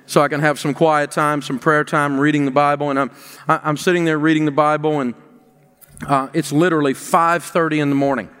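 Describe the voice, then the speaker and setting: A man's voice: on the high side, little pitch movement, brisk, fairly bright tone, smooth. Middle-aged male pastor preaching in a hall. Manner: storytelling, rising to emphatic preaching. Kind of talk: sermon. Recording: long reverb of a large hall.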